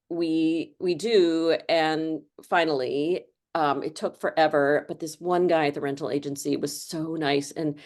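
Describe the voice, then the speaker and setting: Low-voiced chatty woman author. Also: darkish tone. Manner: chatty, rambling with many fillers. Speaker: author guest. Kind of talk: casual interview chat.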